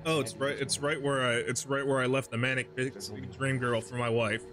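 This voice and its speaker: A man's voice: medium pitch, fairly even intonation, fairly quick, music in the background. A man streaming a horror video game, rambling casually, swearing and laughing often. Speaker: gaming streamer. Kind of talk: casual gameplay commentary.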